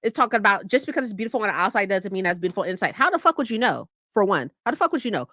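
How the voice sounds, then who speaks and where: A woman's voice: medium pitch, rapid-fire, no room sound. A woman book vlogger ranting in a heated, profane, casual way about reader comments. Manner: heated, profane, animated rant.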